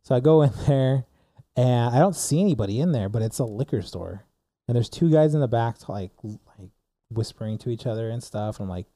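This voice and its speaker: A young man tells a story on a podcast and rambles with lots of "like"s. His voice is very dark and mellow. The sound is dry and close. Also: mid-range voice, fairly quick, dry recording. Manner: rambling, animated storyteller with many "like"s. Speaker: podcast co-host. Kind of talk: casual storytelling chat.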